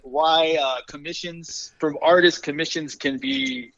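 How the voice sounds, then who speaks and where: A man's voice: a little high, fairly even intonation, unhurried, vocal fry, fairly bright tone. A man from Arizona, a guest artist, talking enthusiastically over the phone in a casual interview. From Arizona, USA. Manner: enthusiastic, rambling with restarts. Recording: dull phone-line sound.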